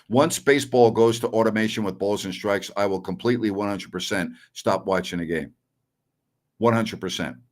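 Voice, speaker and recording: A middle-aged man hosting a sports talk stream, answering viewer messages bluntly and with strong opinions. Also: lowish voice. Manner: blunt and opinionated, scoffs at callers.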